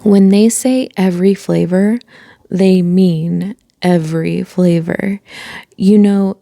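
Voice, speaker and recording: Cheeky chatty schoolboy read by a woman, slow and gravelly, storybook read-aloud. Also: lowish voice, dark tone, dry recording, clean studio sound. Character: chatty, cheeky young wizard boy.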